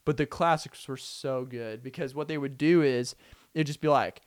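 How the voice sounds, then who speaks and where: A man's voice: mid-range voice, moderate pace. A young man hosting a casual solo podcast, rambling animatedly and acting out scenes with frequent laughs. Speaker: podcast host.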